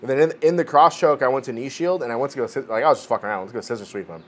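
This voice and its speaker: A man's voice: medium pitch, very fast. A man in his forties, a podcast co-host telling a training story in a casual chat, swearing freely and restarting his sentences. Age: 40s.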